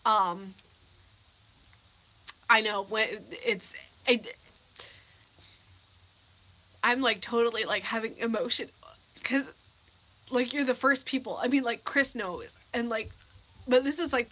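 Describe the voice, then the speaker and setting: Emotional, bright-voiced woman vlogger. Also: fairly high pitch, measured pace, long pauses. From United States. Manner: rambling and emotional, with many restarts and fillers. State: teary, on the edge of crying. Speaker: vlogger hosting a live Q&A. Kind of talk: casual live-stream chat.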